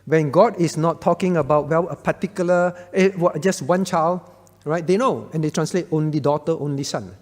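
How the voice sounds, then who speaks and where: A man's voice: on the high side, moderate pace, a little mellow, long reverb tail. A man, a pastor, explaining a Bible question to a congregation, often checking in with "all right?". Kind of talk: Bible Q&A teaching.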